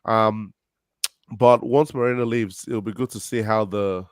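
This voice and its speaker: Male panelist, sick, low pitch, dry, relaxed and chuckling. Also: a little slow, clean tone, no room sound. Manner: laid-back, chuckles often. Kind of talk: casual football chat.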